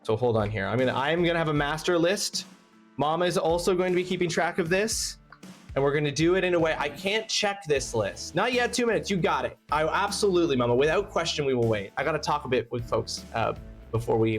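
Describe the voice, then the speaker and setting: A man's voice: a little high, fast, soft background music. A man hosting a casual charity stream, rambling and thanking his chat by name, snacking between words. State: eating while talking.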